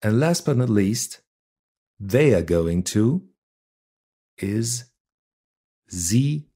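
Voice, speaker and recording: Very slow, mellow male language teacher. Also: on the low side, lively intonation, husky. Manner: slow and deliberate, spelling out example words one by one. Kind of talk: slow scripted language lesson.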